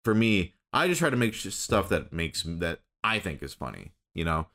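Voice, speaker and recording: A man hosting a casual interview, talking in a halting way with many hedges and fillers. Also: sits low, sing-song, pushed and bright. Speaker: podcast host.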